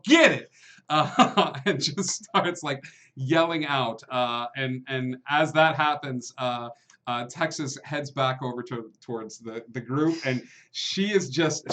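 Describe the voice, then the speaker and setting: A man of mid pitch narrates a tabletop game as game master. He talks in halting stretches full of "uh" and "like". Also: a bit bright. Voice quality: hesitant, full of fillers.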